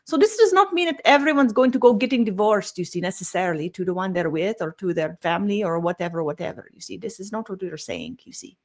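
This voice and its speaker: Speaking at a medium pitch and expressively, a woman channels a spiritual talk at a slow, rambling pace. Between phrases she hums "mm," attaches "you see" to most of her thoughts, and her endings drift off softly.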